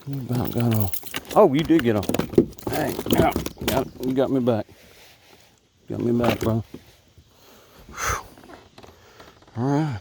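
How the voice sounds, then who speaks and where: A man's voice: mid-range voice, gravelly, slight background noise. A man, chatting to the fish he catches while out on a creek in a boat, recorded on an action camera. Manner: chats softly to the fish he catches. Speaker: fishing vlogger. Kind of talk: casual narration while fishing. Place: small creek outdoors, in a boat. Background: crickets and insects.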